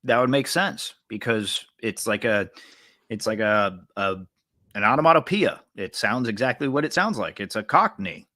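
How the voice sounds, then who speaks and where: Low-voiced laid-back podcast host man. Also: lively intonation, normal speed, bright, forceful tone, no echo. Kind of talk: casual chat.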